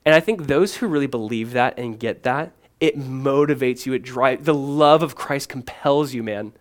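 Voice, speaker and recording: A man preaching a sermon as pastor, earnest and emphatic, posing questions and answering them, moving between strong proclamation and hushed, conversational asides peppered with "man.". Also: medium pitch, normal speed.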